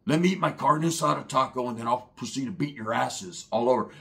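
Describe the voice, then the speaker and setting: A man voicing a gruff ex-con friend who mutters low and quiet. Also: brisk. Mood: low muttering.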